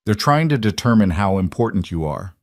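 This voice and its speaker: A man's voice: lowish voice, sing-song, a little fast, darkish tone, no echo. A man voicing a serious, loyal bodyguard who speaks in a grave, formal way in an audiobook reading.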